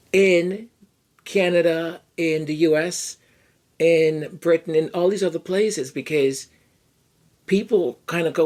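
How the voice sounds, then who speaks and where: A podcast host giving casual personal commentary in an animated way, acting out quoted lines and dropping into quiet asides. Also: medium pitch.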